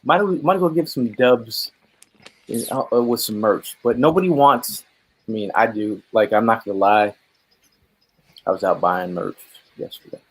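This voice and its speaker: A man's voice: lowish voice, normal speed, pauses often, slightly rough, rough recording. A man hosting a casual live sports chat, laid-back and joking. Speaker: podcast host.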